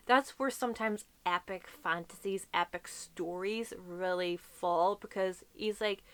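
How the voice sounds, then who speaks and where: A woman's voice: mid-range voice, lively intonation, measured pace, few pauses, fairly bright tone, clean tone, dry recording. A woman reviewing the books she read this month in a casual, effusive chat, swearing now and then. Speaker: book reviewer. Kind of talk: casual monthly book wrap-up.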